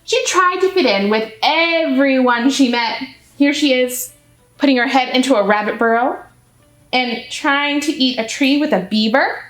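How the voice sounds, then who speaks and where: A woman reading a picture book aloud to children as a children's librarian, animated and asking the listeners questions. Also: sits high, a little slow. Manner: animated, asks the audience questions. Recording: echoey room, faint music.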